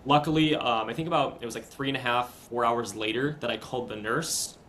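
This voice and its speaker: A young man in his twenties, a podcast guest, recounting a hard personal story in a casual, earnest, halting way. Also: medium pitch, fairly bright tone, slight background noise, rough recording. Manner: earnest, halting, retelling step by step.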